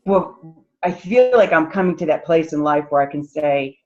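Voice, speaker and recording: Casting: earnest woman participant, mid pitch, muffled lo-fi call sound. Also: a little mellow. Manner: earnest, thoughtful, halting with fillers. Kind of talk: casual sharing on a call. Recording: dull lo-fi call audio.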